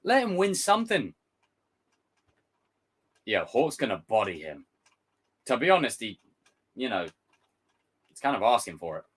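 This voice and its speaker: A man's voice: lowish voice, moderate pace, long pauses, husky. Livestream host, man, casual and ranty, voice jumps all over the place, swears a lot. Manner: animated, ranting, swears freely, mocks with exaggerated voices. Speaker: YouTube host reacting to a trailer.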